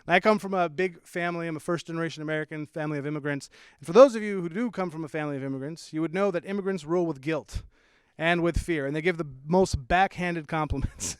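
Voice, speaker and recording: High-voiced young man doing stand-up. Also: quick pace, smooth, no room sound, studio quality. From small town south of the Bay Area, California. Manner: lively, playful, shifts into character voices. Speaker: stand-up comedian. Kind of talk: stand-up comedy set.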